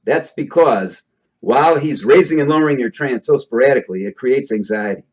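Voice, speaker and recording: A man's voice: mid-range voice, lively intonation, brisk. A man casually explaining a topic to his audience, rambling a bit and checking in with listeners as he goes. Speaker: host explaining hypnosis. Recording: dull lo-fi recording.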